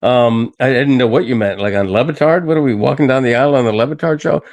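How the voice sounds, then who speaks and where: A man's voice: medium pitch, quick pace, darkish tone, dry recording. An older man hosting a podcast in casual chat, talking in an indignant way that he soon laughs off. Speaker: podcast host.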